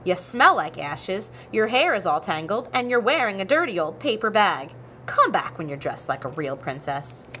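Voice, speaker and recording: A woman's voice: mid-range voice, very animated, moderate pace, sharp tone, a little hiss or hum, poor audio. A woman voicing a snobbish, fussy young prince in a storybook, with a sniffy, disdainful manner.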